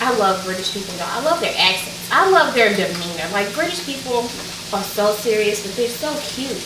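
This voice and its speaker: A woman's voice: medium pitch, expressive, fairly quick, distant mic, noisy background. A woman with a Southern US accent from Alabama, chatting bubbly and straight to her viewers as she walks through a cooking tutorial at her stove. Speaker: cooking vlogger. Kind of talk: casual cooking tutorial chat. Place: home kitchen, at the stove. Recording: echoey kitchen, mic set back, sizzling pan. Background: frying and sizzling food.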